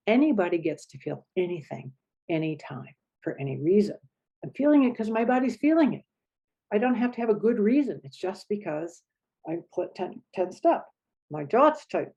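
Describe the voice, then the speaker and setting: A woman relationship coach explaining a skill to an audience in a gentle, reflective way, acting out feelings with groans. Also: fairly low pitch, husky. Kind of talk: teaching talk to an audience.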